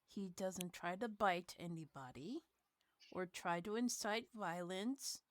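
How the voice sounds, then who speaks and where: A woman's voice: fairly low pitch, slow pace, no echo. A woman playing a tabletop game, speaking casually and joking with the group. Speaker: player. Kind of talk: tabletop role-play.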